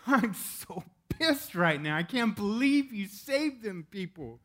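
A man's voice: sing-song, slow pace, fairly bright tone, heavily acted. A man putting on a whiny, furious prophet. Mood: furious whining. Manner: whiny, petulant, high and drawn out. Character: sulking angry male prophet Jonah.

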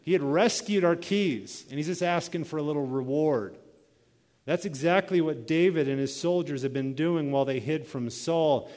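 A man's voice: fairly high pitch, normal speed, a little mellow, in a large hall. A man preaching a sermon as pastor, reading scripture and telling a personal story with quoted voices.

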